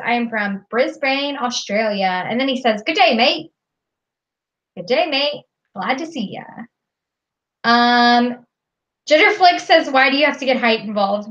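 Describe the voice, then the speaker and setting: A woman's voice: fairly high pitch, a bit bright. A woman co-hosting a casual live stream, reading viewer comments aloud in an upbeat way. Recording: dull lo-fi stream audio.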